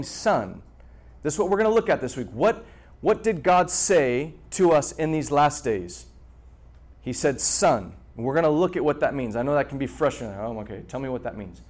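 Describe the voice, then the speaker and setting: A man preaching a sermon to a congregation in an animated way, repeating words and pausing for effect. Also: fairly high pitch. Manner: animated preaching with repetitions and dramatic pauses. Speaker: pastor.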